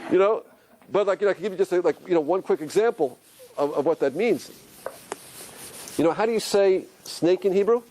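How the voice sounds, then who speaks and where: A Torah teacher with a high voice lectures on Hebrew letters, firing one question after another at his listeners in an animated, rhetorical way. He speaks fairly quickly, pausing often, with slight background noise.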